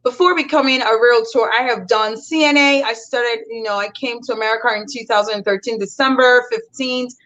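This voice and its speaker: Woman from nigeria, realtor guest on an interview, high voice, tells her story with lots of punch and acts out the quotes. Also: a little fast, hardly any pauses, low-quality recording. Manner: emphatic, lively storyteller who acts out quotes.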